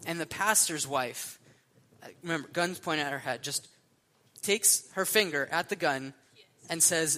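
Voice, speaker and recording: A young man preaching a sermon, telling stories in a casual, animated way with lots of fillers. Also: on the high side, measured pace, pauses often. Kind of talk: sermon storytelling.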